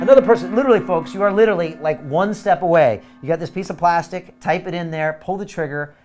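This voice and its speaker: A man's voice: high voice, quick pace, few pauses, faint music behind. A man hosting a live webinar, pushing viewers hard and emphatically to sign up for a course. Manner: energetic, urgent, pushy and emphatic. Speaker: webinar host selling a course. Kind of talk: live webinar sales pitch.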